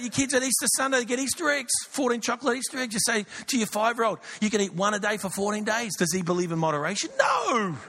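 A man preaching a sermon, telling stories animatedly and shouting out punchlines. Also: very high-pitched. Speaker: pastor.

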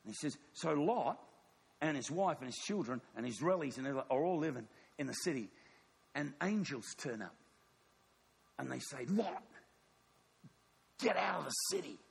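A man preaching a sermon, telling a story with animated acted-out dialogue. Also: mid-range voice, moderate pace, gravelly, long pauses, slightly rough.

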